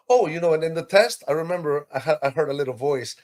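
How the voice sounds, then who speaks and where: Man telling his story with animated pitch jumps. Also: quick pace, few pauses. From Peru. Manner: animated, emotional storytelling with sudden high pitch lifts. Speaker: guest. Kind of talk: personal testimony in conversation.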